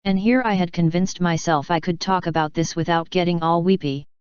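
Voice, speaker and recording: A woman voicing a female pony who is a wife close to tears, defensive and hurt, in a very smooth, dry, lo-fi reading. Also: fairly low pitch, steady tone, a little fast, dry recording, lightly acted. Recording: dull lo-fi.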